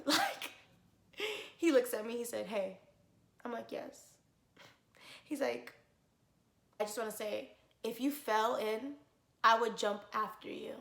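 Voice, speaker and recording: Bright, animated young woman in an echoey room. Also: on the high side, slow, creaky, long pauses. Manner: animated, laughing often, dramatic retelling. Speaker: vlogger. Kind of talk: casual storytime.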